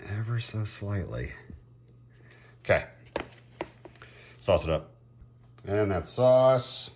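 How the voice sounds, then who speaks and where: Low-voiced chatty man cooking at home. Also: takes it slowly, slight background noise. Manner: chatty, laughs often, excitable. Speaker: home cook. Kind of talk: casual cooking vlog.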